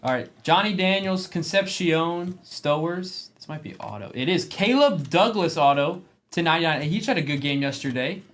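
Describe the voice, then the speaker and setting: A man's voice: fairly high pitch, animated, a bit bright. A man hosting a live sports card break, reading off player names from the cards he opens. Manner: rapid name roll-call of cards.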